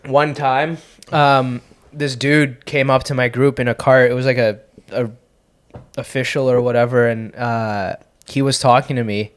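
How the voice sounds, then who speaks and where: A young Canadian comedian hosts a podcast, chatting casually in a loose, profane, rambling style with many restarts. His medium-pitched voice keeps a fairly even intonation and moves a little slowly.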